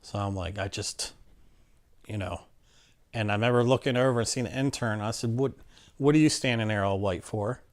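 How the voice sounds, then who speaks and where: Low-voiced man telling his story. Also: normal speed. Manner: candid, plainspoken, acts out quotes. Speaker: interviewee. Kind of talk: personal storytelling in an interview.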